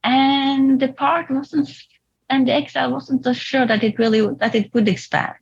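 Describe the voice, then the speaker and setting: A woman as a therapy client, talking reflectively and hesitantly with restarts and soft laughs, over a video call. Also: high-pitched, steady tone, moderate pace, breathy edge, highs cut off. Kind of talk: therapy session talk.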